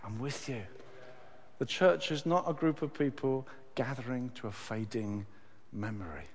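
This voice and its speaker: A man preaching a sermon with passion, moving from hushed, slow passages to loud, high cries. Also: husky. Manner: impassioned, swings from hushed to shouting. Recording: long hall reverb.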